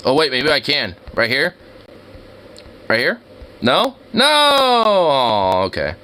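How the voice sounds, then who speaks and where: A man giving casual, excitable commentary while browsing street view, slangy and laughing often. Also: mid-range voice, unhurried. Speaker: streamer.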